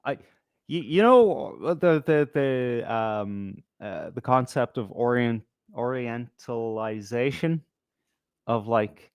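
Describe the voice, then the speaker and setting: A man, co-hosting a casual talk show and ranting in a profane, animated way with many fillers. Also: mid-range voice, slow pace, clean tone, dry recording, clean studio sound. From Ireland. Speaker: podcast co-host. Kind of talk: casual chat.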